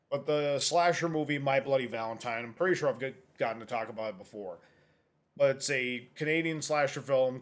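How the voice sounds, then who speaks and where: A man co-hosting a film podcast, rambling casually with lots of "like" fillers and easy laughs. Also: medium pitch. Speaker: podcast co-host.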